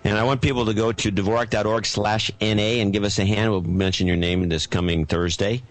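A man with a very low voice co-hosting a podcast, speaking in a dry, matter-of-fact, somewhat gruff way. Faint music runs underneath. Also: level tone, brisk. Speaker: podcast co-host. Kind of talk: casual chat. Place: Silicon Valley, California.

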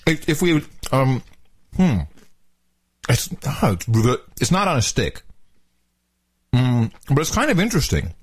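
A man co-hosts a loose podcast chat with a husky edge to his voice. His pitch swings widely as he rants and exclaims. It is unscripted, back-and-forth talk. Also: measured pace, pauses often. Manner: animated, exclamatory, ranting. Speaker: podcast co-host. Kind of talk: casual chat.

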